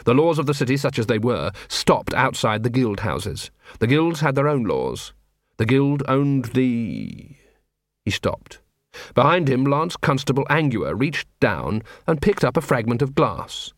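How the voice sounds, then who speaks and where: A man narrating an audiobook in a wry, expressive storytelling manner. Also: mid-range voice, unhurried, dry recording, studio quality. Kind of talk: scripted narration.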